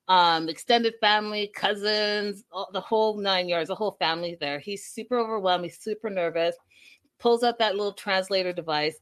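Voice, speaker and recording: A young adult woman hosting a casual livestream recap, chatting with viewers and acting out quotes in an animated way. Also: medium pitch, clean tone. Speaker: show recap host.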